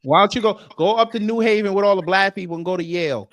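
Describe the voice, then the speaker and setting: A man hosting a casual comedic talk show, loud and joking, teasing his co-host. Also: high-pitched, fast talker. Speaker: podcast host.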